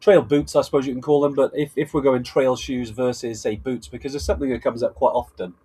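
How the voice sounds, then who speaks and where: A man's voice: medium pitch, fairly even intonation, fast, warm tone, breathy edge, poor audio. A man hosting a casual live stream, hesitant and repeating words while sorting out the tech.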